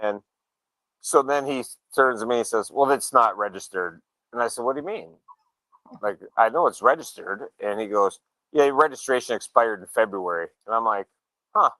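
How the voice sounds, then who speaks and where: A man in casual chat telling a story, acting out the quoted dialogue in a relaxed way. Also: mid-range voice, moderate pace, no echo, rough recording. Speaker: show regular, motorcyclist.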